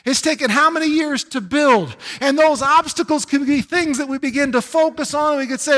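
A man's voice: extremely high pitch, a little fast, hardly any pauses, fairly bright tone, in a large hall. A man pastor preaching a sermon, building to emphatic exclamations. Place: church sanctuary.

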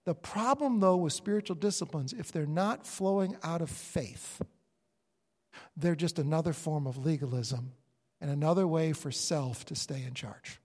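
Male preacher, high voice, lively sermon delivery, long reverb of a hall. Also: normal speed. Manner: animated, acts out inner voices of believers.

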